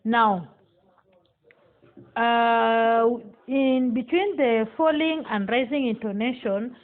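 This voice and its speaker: A woman teaching a classroom lesson, speaking slowly and deliberately and stressing each example sentence. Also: a little high. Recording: tinny phone-like sound.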